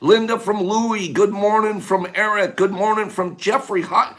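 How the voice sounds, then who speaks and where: A man hosting a casual morning livestream, animated, calling out viewers by name and playfully scolding them. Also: sits high, moderate pace. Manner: animated, calls out viewers' names. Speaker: livestream host.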